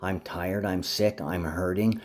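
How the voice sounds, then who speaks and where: Man, deep voice, rambling monologue, topic jumps, sudden pitch leaps, talks to his mom. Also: steady tone, measured pace. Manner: speaks to his mother directly, affectionate. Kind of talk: rambling vlog monologue to camera.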